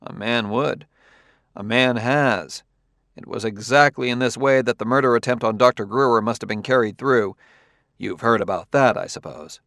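A man's voice: mid-range voice, normal speed, creaky, a bit bright, no room sound, clean studio sound. A man voicing an insistent adult male detective who presses his questions methodically, read as an audiobook character.

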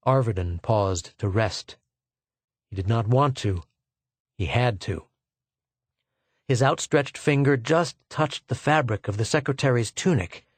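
A man reading a science fiction story aloud in a measured, dramatic way. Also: medium pitch, dry recording. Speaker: audiobook narrator. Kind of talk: scripted fiction narration.

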